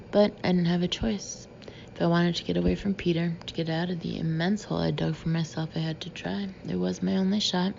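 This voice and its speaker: A woman narrating a first-person audiobook in a steady, measured way. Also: lowish voice, creaky. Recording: slightly dull with faint hiss.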